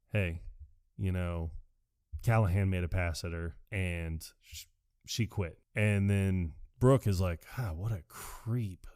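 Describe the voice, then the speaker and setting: In this laid-back movie recap, a male podcast co-host retells the film one scene at a time, jumping into rapid character voices along the way. The audio is smooth, intimate and echo-free, and his pitch sits a bit on the low side.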